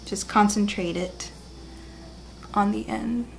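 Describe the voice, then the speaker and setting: Vocal-fry woman chatting through a makeup tutorial. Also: medium pitch, fairly even intonation, takes it slowly, soft background music. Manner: chatty and upbeat, addresses viewers directly. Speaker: beauty vlogger. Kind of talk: casual makeup tutorial narration.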